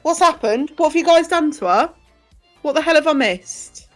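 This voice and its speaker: A woman's voice: sits high, lively intonation, moderate pace. A young woman chatting casually on a live stream as co-host, laughing often and swearing now and then. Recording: faint music behind.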